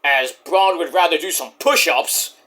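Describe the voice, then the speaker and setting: A man giving a casual wrestling event recap, animated and swearing freely. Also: on the high side, measured pace. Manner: animated, swearing, acts out voices. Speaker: wrestling reviewer.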